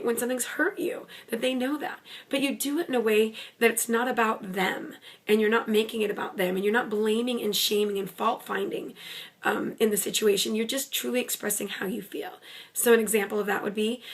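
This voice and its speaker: A middle-aged woman giving parenting advice to the camera in a gentle, conversational, reassuring way. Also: fairly high pitch. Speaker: parenting coach. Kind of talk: talking to camera, advice video.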